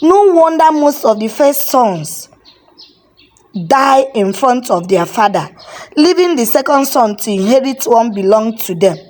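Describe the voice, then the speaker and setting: A woman voicing an older village chief and father who shouts in anger and laments. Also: fairly high pitch, animated, unhurried. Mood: stern.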